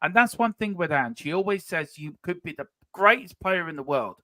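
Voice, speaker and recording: A man on a fan panel talking football in a casual, animated way, stressing his points and repeating phrases. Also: high voice, moderate pace, dry recording.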